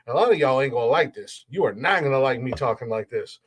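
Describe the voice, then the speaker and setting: A man's voice: mid-range voice, expressive, quick pace, slightly rough. A man hosting a solo podcast, ranting bluntly and profanely in a heated, restarting way. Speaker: podcast host. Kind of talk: opinionated solo podcast rant.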